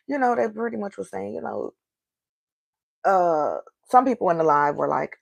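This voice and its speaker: A woman in her thirties with an African American accent hosts her own podcast, venting candidly in a casual solo monologue and posing rhetorical questions. Her voice is low with vocal fry, and the recording is dry.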